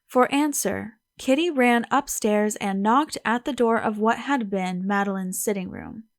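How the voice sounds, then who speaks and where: A woman narrates an audiobook at a medium pitch, reading from a script in an even, measured way. The studio-quality recording has no room sound.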